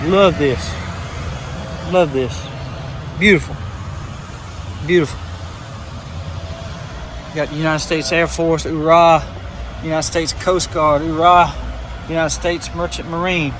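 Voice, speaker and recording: A folksy man talks excitedly as he vlogs on a small town square. His voice sits fairly high and he repeats himself as he goes. Street noise is clearly heard around him. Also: low-quality recording. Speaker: vlogger. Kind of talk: casual vlog.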